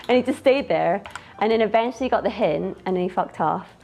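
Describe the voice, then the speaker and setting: A woman's voice: mid-range voice, a little fast, gravelly, a little mellow. A woman telling a story bluntly and casually. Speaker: interviewee.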